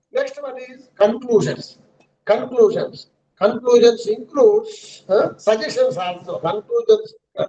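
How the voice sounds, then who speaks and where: A man with an Indian English accent lecturing in an online counselling session, halting with many fillers and repeated list items. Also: high-pitched, darkish tone. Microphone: video call. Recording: dull lo-fi online audio.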